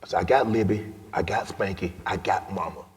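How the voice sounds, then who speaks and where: A middle-aged man with a low, deep voice tells a personal story at an event, his delivery swinging from loud to near-whispered. His voice rings out with the long reverb of a big hall. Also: fairly even intonation, brisk. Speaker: guest speaker.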